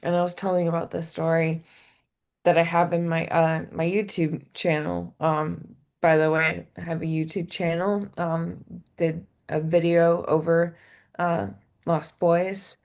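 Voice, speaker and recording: A woman in casual conversation who tells stories with animated energy and laughs often. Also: lowish voice, a little slow. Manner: giggly, animated storytelling. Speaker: podcast guest. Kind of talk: casual chat.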